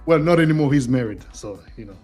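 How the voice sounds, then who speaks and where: A man's voice: medium pitch, expressive, fast, a little mellow, soft background music. A man co-hosting a podcast, breaking into the casual banter with teasing, jokey remarks. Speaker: podcast co-host.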